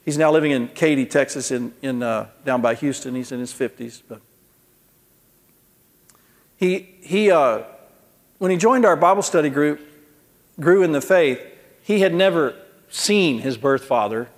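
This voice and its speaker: A man's voice: on the high side, expressive, unhurried, pauses often. A man giving an earnest sermon-style talk at a conference, telling a story with frequent restarts and ending in prayer. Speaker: conference speaker. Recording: long hall reverb.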